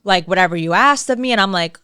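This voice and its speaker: Young woman, podcast co-host, casual storytelling, blunt, animated, smooth voice, dry close sound. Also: medium pitch, fast, no room sound. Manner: animated, blunt, swears freely.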